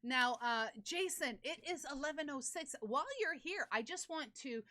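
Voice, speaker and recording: Lively, giggly Canadian woman host. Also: sits high, normal speed. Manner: giggly, laughs often. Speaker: podcast host. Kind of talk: casual live podcast chat.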